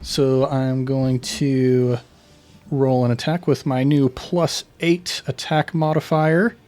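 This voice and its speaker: A man's voice: medium pitch, little pitch movement, takes it slowly, darkish tone. A man with a mid-range voice plays a tabletop game, working through his turn step by step and reading out each rule as he goes. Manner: methodical, reads out rules. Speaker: player.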